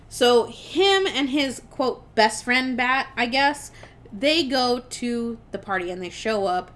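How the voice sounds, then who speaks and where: A woman's voice: fairly high pitch, expressive, slow, fairly bright tone. A young woman casually recapping a film on a podcast, rambling and swearing, quoting the characters as she goes. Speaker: podcast co-host.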